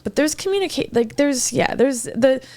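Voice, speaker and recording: A woman's voice: sits high, normal speed. A middle-aged woman co-hosting a casual podcast chat, telling stories with lots of laughter and acting out what people said. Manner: animated storyteller, acts out quotes, laughs often. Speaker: podcast co-host.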